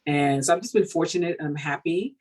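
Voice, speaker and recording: A woman from Cameroon, an author being interviewed, talking in a casual, animated way with many fillers and laughs. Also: low-pitched, brisk, faint music behind, poor audio. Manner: animated, laughing, full of fillers like "you know". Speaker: author guest.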